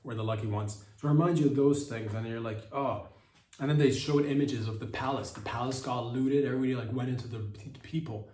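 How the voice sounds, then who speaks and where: A man's voice: medium pitch, a little fast, far from the mic. Rambling man, roomy and off-mic. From Canada. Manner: rambling, animated, jumps into excited voices. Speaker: podcast host. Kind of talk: comedic monologue.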